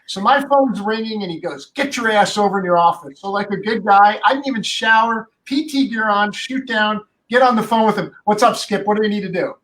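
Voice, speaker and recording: A man guest telling a lively anecdote in casual chat. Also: sits high, brisk, few pauses, distant mic, rough recording. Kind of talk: casual storytelling.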